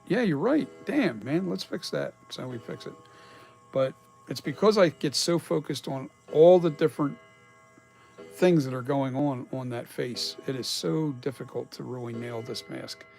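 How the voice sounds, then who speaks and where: A man's voice: mid-range voice, creaky. A man chatting casually on a live stream about sculpting masks, rambling and swearing now and then as he talks.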